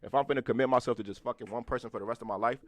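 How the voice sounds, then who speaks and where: Fast-talking young man in casual banter. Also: medium pitch, steady tone, no room sound. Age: 20s. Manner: loose, profane, laughs often, talks to live chat. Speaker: podcast co-host. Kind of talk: casual chat.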